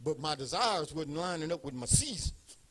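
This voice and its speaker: A male pastor telling a personal story in a sermon, animated and building up to shouts. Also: fairly high pitch, moderate pace.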